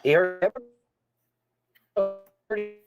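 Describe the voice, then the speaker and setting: High, reedy man on a muffled line; repeats and swears, won't be interrupted. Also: unhurried, over music. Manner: rambling, repetitive, profane, insistent. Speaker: guest. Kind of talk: heated phone-in rant.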